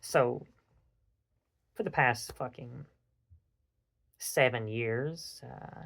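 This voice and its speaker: A man hosting a casual chat, telling rambling, animated stories and swearing freely. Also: medium pitch, extremely slow, gravelly. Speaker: podcast host.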